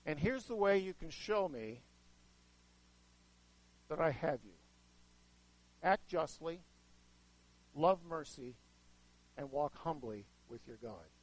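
High-voiced man preaching a sermon. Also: animated, takes it slowly, long pauses, poor audio. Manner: conversational, asks the audience questions; dramatic shifts in loudness, acts out quoted voices. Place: room with a live audience.

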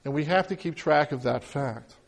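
A man's voice: on the high side, moderate pace, gravelly. A male pastor giving a sermon in a conversational way, now and then acting out little dialogues.

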